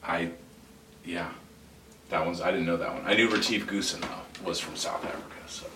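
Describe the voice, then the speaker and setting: A man, a lead pastor, chatting casually on a podcast, joking around and laughing often, with halting restarts. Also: sits low. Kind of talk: casual chat. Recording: roomy sound from a distant mic, faint noise.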